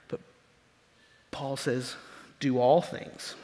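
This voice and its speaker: High-pitched preacher in a reverberant church. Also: male voice. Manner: emphatic preaching with slow drawn-out stresses; acts out grumbling complainers in a low mutter. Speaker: pastor. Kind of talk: sermon. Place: church sanctuary. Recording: long church hall reverb.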